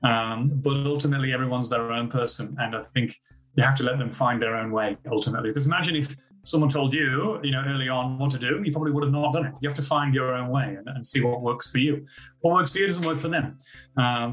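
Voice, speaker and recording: A man with an Australian accent, a school principal telling lively stories as a podcast guest. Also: medium pitch, a little fast, soft background music, rough recording. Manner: animated anecdotes with acted-out quotes. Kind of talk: casual interview storytelling.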